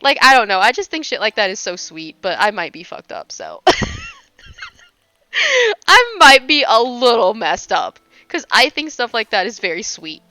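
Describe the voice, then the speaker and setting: A young woman streamer talks casually as she plays, gushing and teasing herself, with a lively, swooping voice. Her tone is bright and crisp, and it sounds dry and close. She laughs often and swears lightly. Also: a little high, moderate pace, dry recording. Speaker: livestreamer. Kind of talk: casual chat while gaming.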